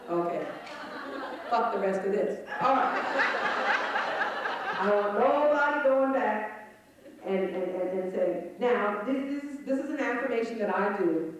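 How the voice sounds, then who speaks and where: A woman's voice: on the high side, lively intonation, unhurried, pauses often, slight background noise. A woman doing a stand-up comedy set in a chapel, brash and teasing the crowd, with lots of swearing. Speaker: stand-up comic. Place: chapel filled with a live audience. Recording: echoey, distant 1989 live recording. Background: audience laughter.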